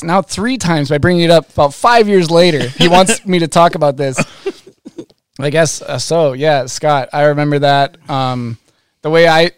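A man's voice: fairly high pitch, smooth, no room sound, clean studio sound. A man, a pro snowboarder, telling funny stories on a casual podcast, laughing often and acting out quotes. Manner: laughing, animated, acts out quotes.

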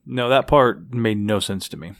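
A man's voice: lowish voice, moderate pace, no room sound. A man co-hosting a casual TV recap chat, easygoing and hesitant, retelling scenes. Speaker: podcast co-host.

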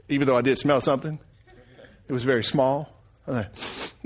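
Folksy preacher man, high voice. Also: expressive, brisk. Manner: folksy, conversational preaching with call-outs to the congregation. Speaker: pastor. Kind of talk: sermon.

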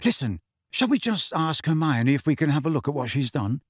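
A touchy teenage boy, gloomy and quick to snap, as a male narrator puts him on. The voice sits fairly high with a lively swing, recorded close and dry. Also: breathy edge, no echo. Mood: sulky. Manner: sulky, snappish.

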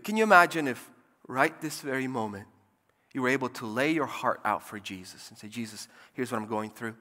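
A pastor delivers a lively, joke-filled sermon from a church pulpit, alternating between loud, emphatic points and soft, quiet asides. His bright, mid-range voice moves a little fast and carries a long echo through the hall.

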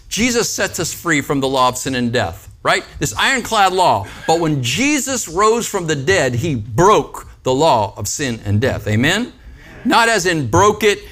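A man's voice: medium pitch, fairly bright tone. A man preaching a conversational sermon as a pastor, with joking asides and frequent calls of "Amen?" and "right?" to the congregation.

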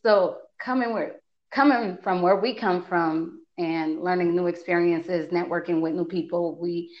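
A woman's voice: lowish voice, fairly even intonation, measured pace, lo-fi sound. A woman from Bridgeport, Connecticut, hosting a casual podcast interview, upbeat and encouraging toward her guest. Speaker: podcast host.

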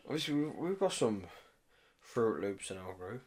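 A man's voice: lowish voice, very animated, moderate pace, darkish tone, slight background noise. Laughing, sweary young man. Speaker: podcast co-host. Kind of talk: casual chat.

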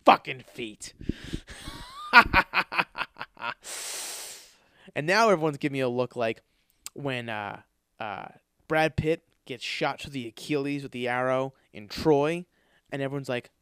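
A man's voice: mid-range voice, moderate pace, clean tone, dry recording, studio quality. A man telling a story in a casual monologue, ranting with a lot of swearing. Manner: profane, animated ranting with frequent swearing. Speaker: podcast host.

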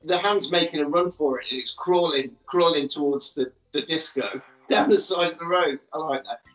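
A man's voice: fairly high pitch, moderate pace, fairly bright tone, roomy sound, faint music behind, poor audio. Man retelling a film. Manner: storytelling, acting out characters' lines. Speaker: podcast co-host. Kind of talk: casual film recap.

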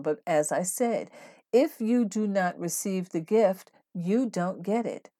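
A woman hosting a devotional podcast, teaching in an earnest, steady way and reading scripture aloud. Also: medium pitch, slow pace. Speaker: podcast host.

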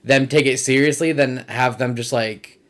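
A young man from Michigan chats on a comedy podcast, rambling loosely from one story to the next with "like" all through. His voice sits at an ordinary middle pitch, neither high nor low. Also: fairly even intonation, moderate pace, fairly bright tone. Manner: loose, rambling, says "like" often. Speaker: guest comedian. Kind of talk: casual podcast chat.

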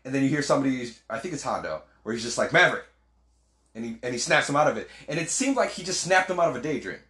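A man chatting casually about a movie, animated, swearing often and acting out lines. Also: mid-range voice, racing. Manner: animated, swears a lot, acts out film lines. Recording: roomy echo.

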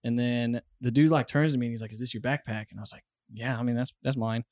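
A young American man, a podcast guest, rambles through a casual story full of fillers and swearing. His medium-pitched, slightly mellow voice stays steady at a quick clip, recorded dry and close on a studio mic.

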